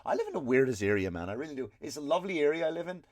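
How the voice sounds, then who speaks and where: A man's voice: fairly high pitch, very animated, rapid-fire. A middle-aged man hosting a comedy podcast, ranting in an exasperated, profane way and acting out quotes. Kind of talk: comic rant.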